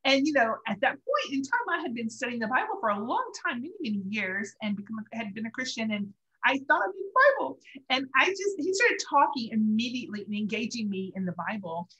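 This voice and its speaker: Her voice sits on the high side, brisk and sharp-toned with big pitch swings, captured on a muffled recording. This middle-aged co-host of a faith talk show tells a personal story with earnest emotion, sometimes laughing through tears.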